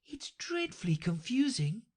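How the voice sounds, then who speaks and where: A woman's voice: on the high side, very animated, a little slow, darkish tone, breathy edge, voice pushed up, full character voice. A woman reading an audiobook, voicing a polite, curious young girl who speaks timidly and earnestly.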